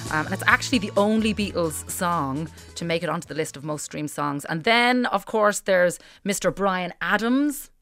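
A woman's voice: fairly low pitch, animated, normal speed, few pauses, fairly bright tone, soft background music. Upbeat woman hosting radio. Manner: chatty and upbeat, reading out listener texts. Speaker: radio show host. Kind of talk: casual radio chat. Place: radio studio.

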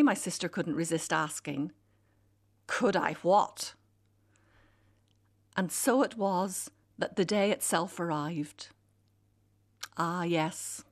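Wry middle-aged woman telling a story. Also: on the low side. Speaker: essayist. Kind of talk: scripted personal essay read aloud.

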